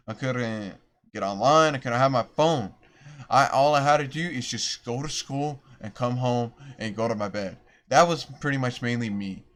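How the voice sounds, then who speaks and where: A young man rambling through a storytime vlog, self-deprecating and restarting his sentences often. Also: mid-range voice. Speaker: vlogger.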